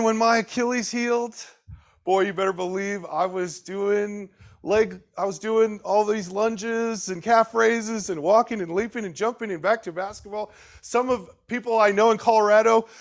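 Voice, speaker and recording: A man preaching a sermon in a fairly high voice. He surges into loud, emphatic bursts, then drops into quiet, slowed asides. He keeps turning to his listeners with direct questions.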